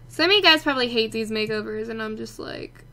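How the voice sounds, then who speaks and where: Brief: high, bright woman narrating her gameplay, playful and chatty. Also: lively intonation, a little fast. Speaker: let's play gamer. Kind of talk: casual gameplay commentary.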